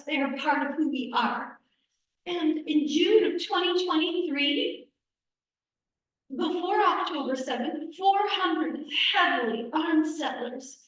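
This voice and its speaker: A middle-aged woman from the United States speaking as an invited speaker, telling a personal story in a lively conversational way and repeating lines for emphasis. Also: high voice. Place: church hall. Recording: echoey hall, speaker far from mic.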